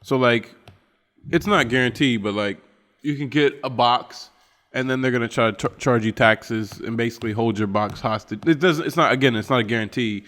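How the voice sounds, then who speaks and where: With a medium-pitched, fairly bright voice at a moderate pace, this Appalachian-accented co-host from West Virginia laughs and rambles through a loose podcast conversation, leaning heavily on fillers. The sound has a big-room quality.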